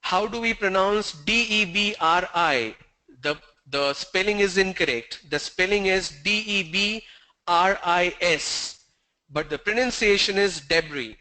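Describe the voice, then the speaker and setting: A man teaches pronunciation in a high, bright voice. He speaks slowly and deliberately, spelling out letters and firmly correcting his students. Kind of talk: online class answering student questions.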